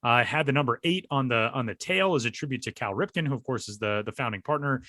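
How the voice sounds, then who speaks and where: A man hosting a podcast in casual chat, jokey and animated. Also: mid-range voice, no room sound, clean studio sound. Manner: jokey, animated, quick laughs. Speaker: podcast host.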